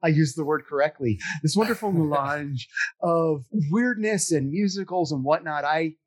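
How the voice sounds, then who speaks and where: A man with a slightly raised pitch talks casually about his community theater years. He is self-deprecating and lively, and he slips into other people's voices when he quotes them. The recording is dry and close, with no room sound. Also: moderate pace, dry recording. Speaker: actor telling stories. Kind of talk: casual storytelling chat.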